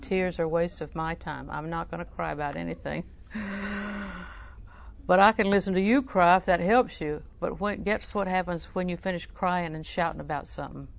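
A woman with a low, gravelly voice preaching a sermon. She tells a story and quotes scripture, asking her listeners questions along the way. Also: normal speed.

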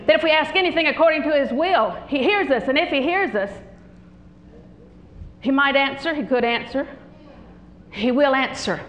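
An older woman preaching a sermon, animated and humorous, telling stories with frequent laughter. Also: high-pitched, reverberant, rough recording.

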